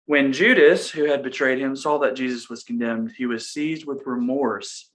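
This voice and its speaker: A man's voice: mid-range voice, moderate pace. A young man co-hosting a casual Bible study podcast, reading scripture aloud and joking between passages. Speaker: podcast co-host.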